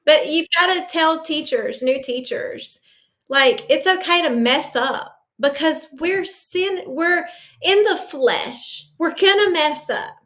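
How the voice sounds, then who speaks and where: High-voiced earnest woman yoga teacher. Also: slow pace, a bit bright. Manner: earnest, emotional, testimony-like. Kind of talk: faith-centered interview talk.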